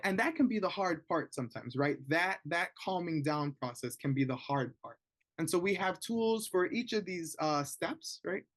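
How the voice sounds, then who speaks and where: A man giving a conversational webinar talk to parents, often pausing to ask "right?" as a check-in. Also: on the high side. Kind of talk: informal educational talk.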